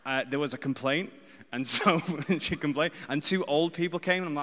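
A man in his thirties delivers a sermon in a bright, forceful voice. He talks conversationally, pokes fun at himself and repeats short lines for emphasis, while his words ring out with a long reverb in a church hall. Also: fairly high pitch, moderate pace. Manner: conversational, self-deprecating, emphatic repetition. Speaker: preacher.

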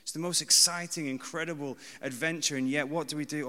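A man's voice: a little high, normal speed, few pauses, pushed and bright, long reverb tail. A man in his thirties preaching a sermon in a conversational, self-deprecating way, repeating key phrases for emphasis.

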